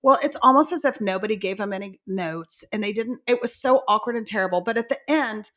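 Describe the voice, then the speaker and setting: A woman from Texas co-hosting a podcast, telling stories in an animated way and acting out quotes in a higher voice. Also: fairly quick. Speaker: podcast co-host. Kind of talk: casual chat.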